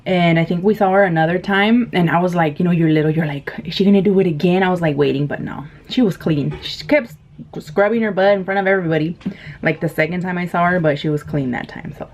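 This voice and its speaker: Telling a story between bites on camera, a woman in her thirties keeps up chatty mukbang talk packed with fillers and laughter. She speaks briskly in a lowish voice, captured in dull lo-fi camera audio with faint noise.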